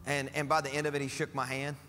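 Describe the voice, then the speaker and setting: A man's voice: mid-range voice, monotone, quick pace, bright, forceful tone. A man pastor preaching a sermon, emphatic and conversational, with casual asides to the congregation. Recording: church hall with long reverb and faint music.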